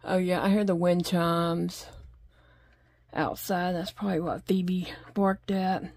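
A woman's voice: lowish voice, level tone, slow pace, a little mellow, no echo. A middle-aged woman chatting casually at home while she crochets, rambling along and talking to her pets. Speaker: crochet vlogger. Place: home desk.

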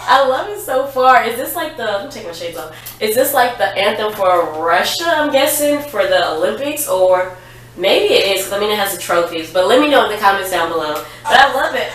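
A young woman chatting casually as a reaction vlogger, excitable and quick to exclaim along with the video she is watching. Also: mid-range voice, far from the mic. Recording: echoey room, off-mic, music behind. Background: music video playing.

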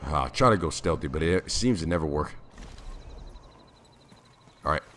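A man giving casual gameplay commentary, jumpy and prone to sudden loud exclamations, with a slightly raspy voice. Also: a bass voice, animated, normal speed, slight background noise. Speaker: gamer.

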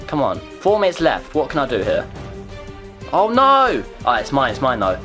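A young man narrates his own gameplay as it happens. He is excitable, jumping between highs and lows in pitch, and he swears and mutters to himself. Faint music plays behind him. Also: normal speed. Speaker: gaming video creator. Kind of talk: live gameplay commentary.

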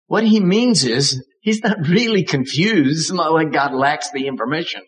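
A man's voice: on the high side, lively intonation, moderate pace, rough recording. An older man preaching a sermon, with dramatic emphasis and acted-out voices. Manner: dramatic, acts out voices of God and characters.

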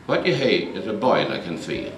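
A man playing a polite young doctor with a Scottish accent, formal and courteous. His voice carries from a distance through a reverberant hall, with a lively rise and fall. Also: on the low side, normal speed, slight background noise. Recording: echoey hall, mic far off.

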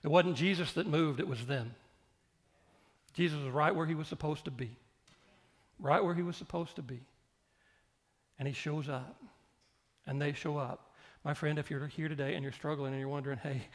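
A man's voice: medium pitch, fairly even intonation, fairly quick. A male pastor preaching a sermon, repeating phrases and putting questions straight to the congregation. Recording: long hall reverb.

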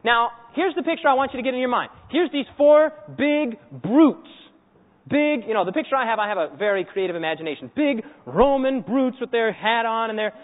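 High, lively male preacher in echoey hall. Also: fairly quick. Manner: animated storytelling, acts out scenes and quizzes the audience. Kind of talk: sermon. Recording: echoey hall over a tinny phone-like line.

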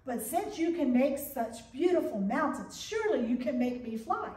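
A woman's voice: sits high, lively intonation, normal speed, a little mellow. A woman pastor voicing a small, eager, humble male mouse in a storybook read-aloud. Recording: echoey church from a distance.

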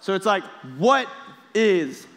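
A young man preaching to a youth group in a casual, energetic way, often checking with the students. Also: sits high, slow. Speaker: youth pastor. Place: large hall with students. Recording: echoey hall.

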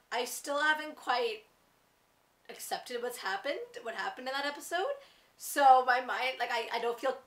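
A teenage girl chatting excitedly about a book to camera, gushing, with lots of "like"s and restarts. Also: medium pitch. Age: teens. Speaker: book vlogger. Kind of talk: casual book review to camera. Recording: echoey room, somewhat far from mic.

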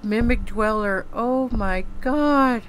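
A woman's voice: a little high, takes it slowly, noisy background. A woman streaming a horror game, gasping and exclaiming to her viewers as she plays. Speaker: gaming streamer.

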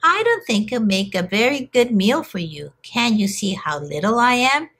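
A woman voicing a little young male billy goat with a high, piping voice. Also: sing-song, normal speed, fairly bright tone, husky, full character voice. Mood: pleading.

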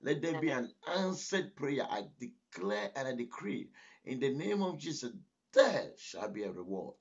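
A man's voice: medium pitch, very animated, measured pace, slightly rough. A man preaching a sermon as pastor, emphatic and exhorting, often breaking in with "listen". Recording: dull lo-fi recording.

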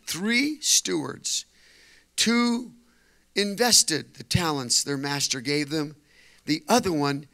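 An older male pastor preaching a sermon, telling a story that builds to shouted preaching. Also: a little high. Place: church.

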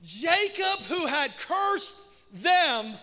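High-voiced, animated male preacher. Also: extremely slow. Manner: animated, shouts for emphasis, then drops very quiet. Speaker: pastor. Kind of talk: sermon. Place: church sanctuary. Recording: echoey church hall.

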